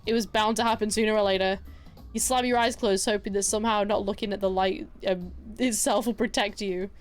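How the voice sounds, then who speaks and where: A woman's voice: mid-range voice, fairly even intonation, fairly quick, faint music behind. Casual swearing woman reading a game aloud. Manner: casual, swears, jokes between lines. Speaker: streamer.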